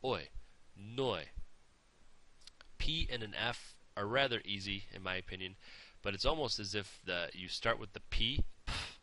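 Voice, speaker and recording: This pronunciation lesson comes from a male language teacher with a lowish voice, speaking at normal speed with few pauses in a pushed, bright tone. He overemphasizes each sound patiently and checks in with "okay?" as he works through it.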